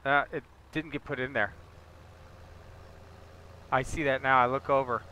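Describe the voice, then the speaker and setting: A man's voice: mid-range voice, fairly even intonation, measured pace, pushed and bright, dull audio, a little hiss or hum. A man chatting casually with his viewers while livestreaming a game, joking and talking to them by name. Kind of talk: casual gameplay livestream chat.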